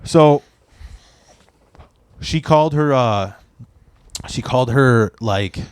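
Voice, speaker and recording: A podcast host from the Chicago area who tells a long story in a casual, profane, rambling way. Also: male voice, medium pitch, takes it slowly, clear, resonant tone, no room sound. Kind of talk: casual chat.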